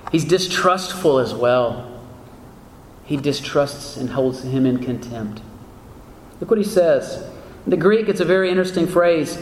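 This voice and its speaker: Male pastor, high voice, earnest sermon delivery, rhetorical questions, long hall reverb. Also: slight background noise. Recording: echoey hall with faint ambience.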